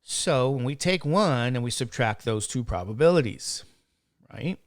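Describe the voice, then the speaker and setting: A man lecturing on statistics at an unhurried, deliberate pace, with a gravelly edge to his voice. He works through each calculation and counts digits aloud one by one. The sound is dry and close. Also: mid-range voice, animated, no echo. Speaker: statistics instructor. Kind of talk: classroom lecture.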